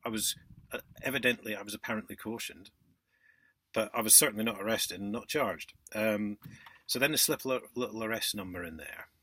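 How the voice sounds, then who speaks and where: A man vlogging in a casual, indignant monologue, sarcastic, with loud outbursts and muttered asides. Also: lowish voice, a little fast, husky. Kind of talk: casual ranting monologue to camera.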